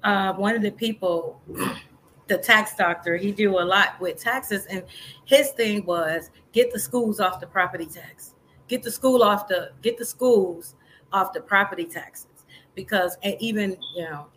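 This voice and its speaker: A woman talking straight to her viewers in a casual, impassioned monologue. She leans on repetition and keeps asking rhetorical questions, at a mid pitch for a woman. A faint hiss of background noise sits under her voice. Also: unhurried, fairly bright tone, rough recording. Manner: emphatic, repeats phrases, rhetorical questions. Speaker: activist host of a live stream.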